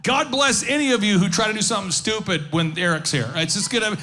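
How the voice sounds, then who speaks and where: A high-pitched man with a bright, cutting tone runs a business seminar. He talks fast and jokes a lot, and he keeps tossing quick questions at the audience in the auditorium. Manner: fast, jokey, riffing asides and audience questions. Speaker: business conference speaker. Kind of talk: energetic live seminar talk. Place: conference auditorium stage.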